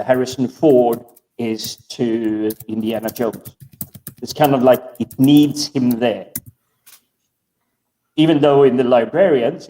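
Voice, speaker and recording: A man talks in a casual podcast chat with a dark, mellow voice, rambling and often repeating words as he searches for names. He sits well back from his online call mic, so his voice sounds distant. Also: mid-range voice.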